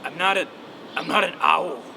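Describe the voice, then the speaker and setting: A man playing a brooding costumed vigilante in a comedy sketch, with a growled, gravelly voice and a grim, self-serious delivery, recorded outdoors at night. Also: a little high, normal speed, background noise, close to an everyday voice. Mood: indignant.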